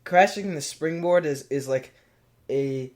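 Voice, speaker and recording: A man's voice: on the high side, slow. A man co-hosting a casual tech podcast, rambling and thinking aloud with lots of "like"s. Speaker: podcast co-host.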